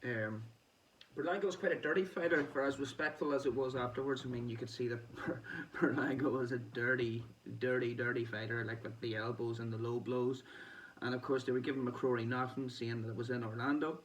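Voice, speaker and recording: A man's voice: mid-range voice, level tone, fairly quick. A man with a Northern Irish accent, talking in a rambling, chatty way in a casual diary-style vlog and laughing often. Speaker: boxing vlogger. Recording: distant mic with faint background noise.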